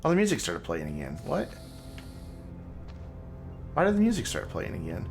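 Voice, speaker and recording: Relaxed man chatting over game music. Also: lowish voice, normal speed. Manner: relaxed, chatty, thinks aloud. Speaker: streamer. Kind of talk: casual gameplay commentary.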